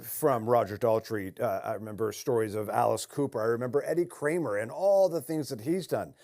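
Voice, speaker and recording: A man's voice: mid-range voice, a little fast, darkish tone. Conversational male interviewer. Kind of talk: casual interview chat.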